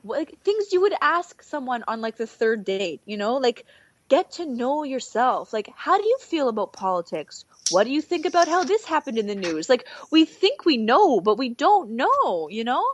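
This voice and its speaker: A woman's voice: sits high, very animated. Chatty woman with a dull, muffled sound. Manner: chatty, lots of "like" and "you know", quick restarts. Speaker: healer, guest. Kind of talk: casual podcast chat.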